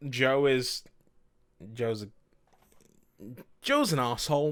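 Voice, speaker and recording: A man's voice: medium pitch, lively intonation, moderate pace, fairly bright tone. A young man chatting casually about his favourite video games, rambling, correcting himself and swearing now and then. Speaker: video game streamer.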